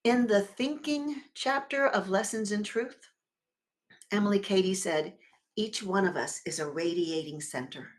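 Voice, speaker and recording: A woman minister giving a sermon in a conversational, expressive way, swelling and dropping her volume and leading the congregation in repeating words together. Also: mid-range voice, unhurried. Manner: expressive with sudden swells and drops in loudness.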